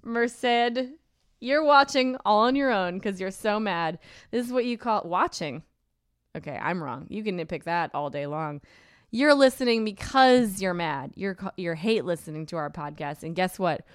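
A young adult woman co-hosting a casual podcast, sarcastic and animated, laughing often as she talks. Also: fairly low pitch, normal speed, clear, resonant tone, no echo, clean studio sound. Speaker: podcast co-host.

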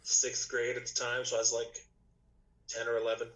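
A man chatting as a podcast guest, telling a long story in a loose, rambling way. He restarts sentences often and leans on fillers. His voice is a little rough today. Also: mid-range voice, monotone, normal speed, a bit bright, rough recording. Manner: rambling, many restarts and "you know". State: slightly rough voice, clearing throat. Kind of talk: casual storytelling chat.

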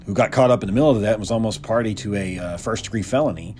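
A man's voice: fairly low pitch, rapid-fire, a little mellow, slight background noise. A man casually telling a personal story in a loose, profane way, often repeating words.

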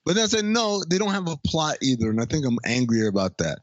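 A man co-hosting a casual movie podcast, exasperated and full of rhetorical questions. His voice is slightly high and rises and falls a lot. The recording is dry and a bit muffled. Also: sing-song, fast, no room sound. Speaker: podcast co-host. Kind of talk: casual movie review chat.

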